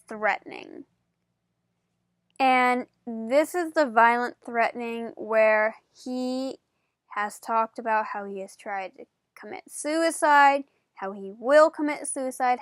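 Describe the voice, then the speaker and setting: So like a high-voiced woman telling a story to her camera, super chatty, fillers everywhere, dry mic. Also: no echo. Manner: animated, chatty, many "like" fillers. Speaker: vlogger.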